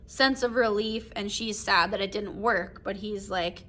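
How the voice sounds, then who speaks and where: Bright-voiced woman teaching a story. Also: medium pitch, fairly even intonation, measured pace, hardly any pauses. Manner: reads passages aloud then explains them with fillers like "um", "like" and "right?". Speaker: English teacher. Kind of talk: recorded literature lesson reading and explaining a story.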